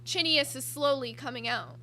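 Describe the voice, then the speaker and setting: A woman's voice: high voice, moderate pace, bright, forceful tone, a little hiss or hum. A woman hosting a livestream, reading super chats and giving blunt, profane commentary. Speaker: streamer host.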